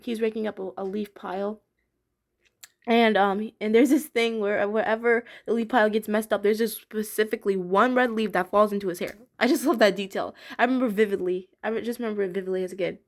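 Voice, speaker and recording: A young woman casually reviewing a cartoon episode, chatty and giggly, with many fillers and restarts. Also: mid-range voice.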